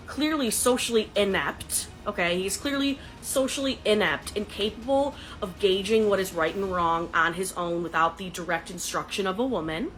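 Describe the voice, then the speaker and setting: A woman's voice: medium pitch, moderate pace, hardly any pauses, a bit bright, faint music behind, poor audio. A young woman telling a dating story to her phone camera in a casual, dramatic, sarcastic way. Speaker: dating content creator.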